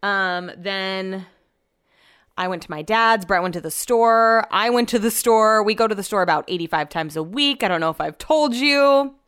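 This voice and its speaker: A young woman talks straight to the camera in a loose, rambling vlog style, sprinkling "like" through nearly every sentence. Her voice is smooth and clear at an ordinary middle pitch. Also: moderate pace, fairly bright tone. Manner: chatty and rambling, with constant "like" fillers. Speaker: vlogger and radio host. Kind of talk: casual storytelling vlog.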